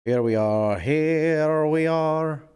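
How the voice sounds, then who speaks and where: A man's voice: on the high side, very slow, a little mellow, clean tone, in a large hall. A man voicing an Irish gangster in a put-on Irish accent, repeating and practicing the accent.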